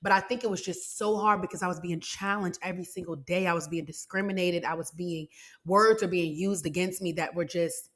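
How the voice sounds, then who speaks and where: This podcast host has a fairly low voice. She tells her listeners a story from her own life, speaking to them directly with animated emotion and strong religious faith.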